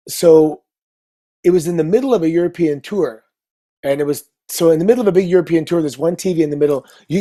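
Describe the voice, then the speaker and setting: A middle-aged man, a former pro wrestler, telling stories as a guest in a casual interview, acting out the voices of people he quotes. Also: fairly high pitch. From Canada. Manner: animated, acts out quoted voices.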